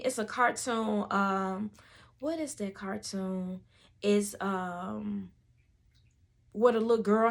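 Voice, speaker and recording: Bright, animated woman storyteller. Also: mid-range voice. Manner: lively, acts out voices of people in the story. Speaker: doula.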